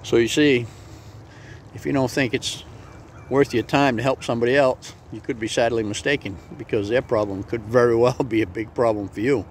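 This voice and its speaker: A man's voice: mid-range voice, steady tone, moderate pace, slight background noise. A man hosting a motivational vlog, telling a folksy story in a friendly, plain-spoken way. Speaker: vlog host.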